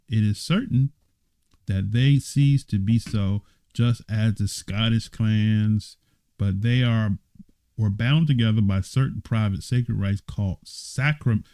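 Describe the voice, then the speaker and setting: A man teaching a Bible study, reading passages aloud and commenting on them. His voice sits at a middling pitch but swings up and down freely. He breaks off often for playful, mock-surprised exclamations. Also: no echo. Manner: animated, teasing asides with laughter.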